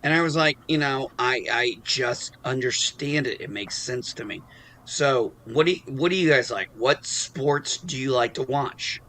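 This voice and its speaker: Man, casual stream host, bright tone, rambly, swears a lot. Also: medium pitch, unhurried. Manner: swears freely, rambling, self-deprecating. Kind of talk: casual chat.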